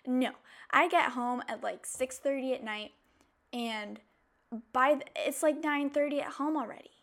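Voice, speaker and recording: A woman hosting a podcast, telling personal stories in a casual, animated way, with playful asides and mock outrage. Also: sits high, a little slow. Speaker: podcast host. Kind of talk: casual chatty monologue.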